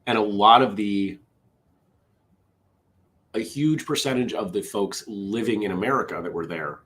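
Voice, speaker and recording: A man's voice: lowish voice, unhurried, fairly bright tone. A man hosting a casual solo morning show. He rambles, interrupts himself, and drifts into side stories between the jokes he reads aloud.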